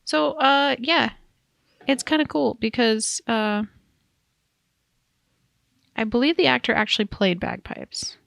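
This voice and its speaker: A woman's voice: on the high side, slow, gravelly, pauses often, fairly bright tone, no room sound, studio quality. A woman co-hosting a podcast in casual chat, rambling with asides and giggling often. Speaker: podcast co-host.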